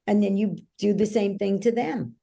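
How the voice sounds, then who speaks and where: A woman guest on an interview podcast, a coach who explains her ideas through animated, emphatic stories. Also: mid-range voice, moderate pace, vocal fry. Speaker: guest, belief-change coach. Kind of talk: conversational interview.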